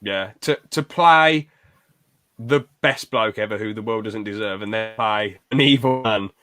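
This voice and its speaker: A man co-hosting a podcast chats casually and enthusiastically, tossing in quick asides and brief put-on quotes. His voice is lowish with a sharp tone.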